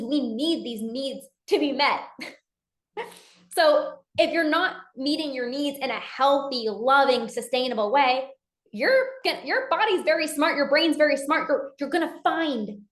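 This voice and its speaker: A binge eating coach gives a casual motivational talk in a bright, high voice. She speaks earnestly and slips into quoted inner dialogue, while the room rings with noticeable echo.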